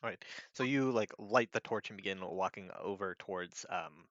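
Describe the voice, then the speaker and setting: Brief: male game master, halting narration, bright tone, dry muffled recording. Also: low-pitched, no room sound. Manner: halting, heavy with fillers.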